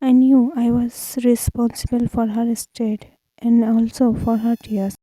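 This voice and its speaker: A woman narrating a fanfiction story in an even, unhurried reading style. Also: on the high side, no echo, rough recording.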